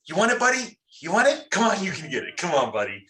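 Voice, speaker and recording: A man's voice: fairly high pitch, animated, normal speed, pushed and bright. A man playing a goofy, teasing "favorite uncle" warlock who pesters everyone playfully. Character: goofy cool-uncle warlock, pushy prankster. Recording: far from mic with faint noise.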